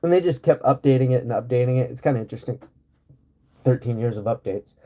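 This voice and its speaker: A man talks loosely to his live-stream viewers from home, his voice dark and mellow at a middling pitch. He rambles from one thought to the next, filling gaps with "uh" and "like", and laughs easily. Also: fast. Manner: rambling, laid-back, laughs often, many fillers. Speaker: livestream host. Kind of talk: casual live-stream chat. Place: home in rural area.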